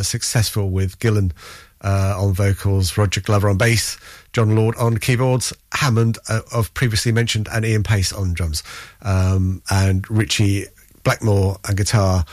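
A man presenting a music radio show, chatty and rambling, with lots of ums and self-corrections, easily excited. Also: lowish voice, no echo, studio quality. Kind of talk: casual music radio chat.

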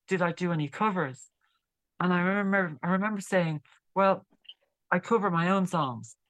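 A woman's voice: fairly low pitch, fairly bright tone, no echo, poor audio. A woman musician being interviewed, chatting casually and repeating words as she tells a story. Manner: halting, repeats words while telling a story. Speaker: guest musician.

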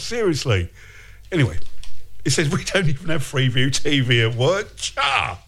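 A man's voice: high voice, sing-song, moderate pace, a bit bright. A man hosting a breakfast radio show, reading listener messages in playful, laughing banter. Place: radio studio.

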